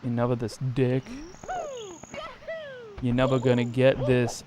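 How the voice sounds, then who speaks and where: A man live-streaming a game, joking crudely with chat, rambling and suddenly shouting or squealing. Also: mid-range voice, monotone, measured pace, a little hiss or hum.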